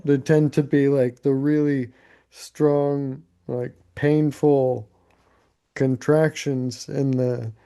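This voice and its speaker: Man, podcast co-host, slow and halting, gravelly with a very dark tone. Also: mid-range voice, flat delivery. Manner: halting, restarts words while explaining. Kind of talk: casual chat.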